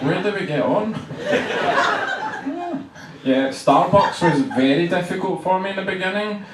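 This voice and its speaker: Brief: young Glaswegian comic, fairly high voice, roomy club sound heard from a distance. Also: male voice. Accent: Glaswegian Scottish. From Scotland. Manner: quick, punchy delivery with comic voices. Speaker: stand-up comedian. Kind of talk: stand-up routine. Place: comedy club stage. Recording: roomy club sound from far off, audience noise.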